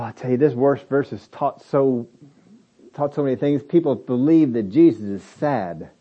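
A man preaching a sermon, animated and acting out the reactions he quotes. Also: medium pitch, husky, muffled recording. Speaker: pastor.

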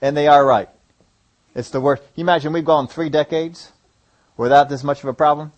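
A man's voice: fairly high pitch, steady tone, a little fast. A man preaching a sermon, asking the congregation rhetorical questions and driving his points home with emphasis.

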